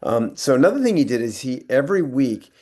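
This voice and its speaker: A man's voice: mid-range voice, very animated, fairly quick, a little mellow. A man in his sixties from the United States, telling anecdotes as a guest speaker in a rambling, conversational way. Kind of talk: anecdotal storytelling talk.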